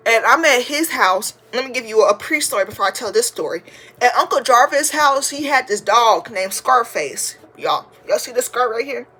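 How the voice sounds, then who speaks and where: A woman in her twenties from Louisiana hosting a podcast, telling childhood stories in an animated, slangy, profane way and addressing listeners as y'all. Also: fairly high pitch, moderate pace, breathy edge. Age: 20s. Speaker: podcast host. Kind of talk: casual storytelling.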